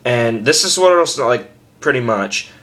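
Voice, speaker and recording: A man's voice: mid-range voice, animated, moderate pace, a bit bright. A young man talks through a home-made screaming lesson in a loose, rambling way. He curses freely and jokes at his own expense, and he sounds as if he is recorded on a simple camera mic at home. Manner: rambling, profane, self-deprecating. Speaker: screaming tutor. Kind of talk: casual vocal tutorial.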